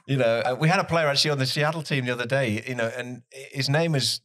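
A man from southwest England, a soccer commentator, chats casually on a podcast with a medium-pitched, fairly bright voice. He talks fast, rambles, and laughs often.

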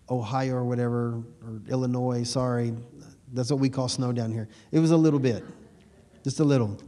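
Folksy preacher with a slight Texas twang. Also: male voice, mid-range voice, darkish tone. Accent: East Texas. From Texas, USA. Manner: folksy, repeats words, slows and swells on scripture. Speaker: pastor. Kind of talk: sermon.

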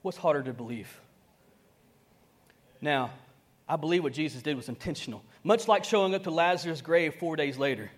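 Animated male preacher. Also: fairly high pitch, moderate pace, long pauses. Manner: animated, acts out dialogue with sudden soft and loud turns; conversational, chuckles often, uses slang. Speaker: pastor. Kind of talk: sermon.

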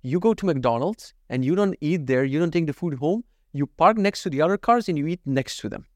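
A man's voice: fairly high pitch, expressive, fairly quick, a little mellow, dry recording, clean studio sound. A man in his thirties telling stories in a casual chat, laughing and swearing, going off on tangents. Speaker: vlogger.

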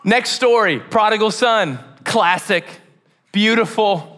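A man preaching a sermon as a pastor, animated and casual, using slang and acting out the stories he tells. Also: sits high, takes it slowly.

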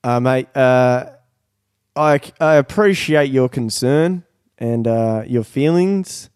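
A man's voice: mid-range voice, slow, darkish tone, smooth, dry recording, clean studio sound, natural voice. A man as a stalling call-centre worker. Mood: apologetic. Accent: Australian. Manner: stalling, polite, full of ums. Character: hesitant call-centre worker fobbing off a caller.

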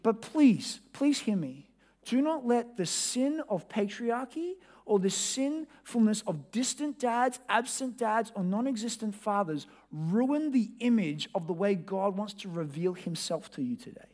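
A pastor delivers a sermon in a high-sitting, animated voice, speaking conversationally and directly to his congregation at an unhurried pace. At times he presses hard, and at others he drops to a hush.

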